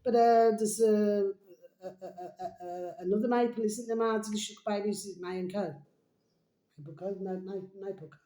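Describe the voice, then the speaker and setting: A woman with a mellow, mid-range voice talks to the camera at a normal speed in a rambling, casual vlog. She fondly calls her viewers "my delicious babies," filling her speech with fillers and thoughts she never finishes, all in a roomy, echoey recording.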